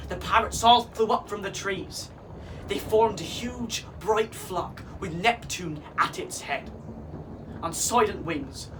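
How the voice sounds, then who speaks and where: Lively man reading a kids' story. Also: high-pitched. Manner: lively, expressive. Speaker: children's show performer. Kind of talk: storybook narration for kids. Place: theatre. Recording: distant mic with faint noise.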